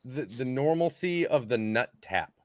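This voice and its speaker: A man co-hosting a podcast, telling a story in loose, casual banter. His pitch leaps and dips as he acts out other people's lines, with plenty of swearing. The sound is dry and close to the mic. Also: measured pace, dry recording. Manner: animated storyteller, swears freely, acts out quotes. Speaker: podcast co-host.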